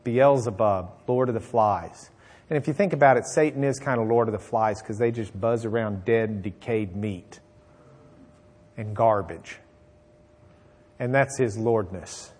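In a lowish, husky voice and an unhurried pace, a man preaches a conversational sermon retelling a Bible story. He's an animated storyteller who acts out the characters and uses fillers.

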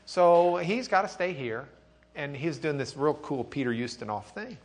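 Animated man lecturing. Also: on the high side, normal speed. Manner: conversational, lively, acts out quotes. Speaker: teacher.

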